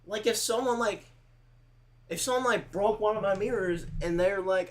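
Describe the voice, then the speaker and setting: A man's voice: high voice, brisk, rough recording. A man talking casually to his livestream chat, rambling with lots of "like" and repeated words, earnest and close to tears at times. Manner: rambling, heavy use of "like", repeats himself.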